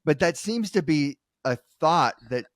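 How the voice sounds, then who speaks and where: A man's voice: a little high, lively intonation, a little slow, a bit bright, no room sound, clean studio sound. A man co-hosting a comedy podcast, trading wry, playful banter in casual chat. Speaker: podcast co-host.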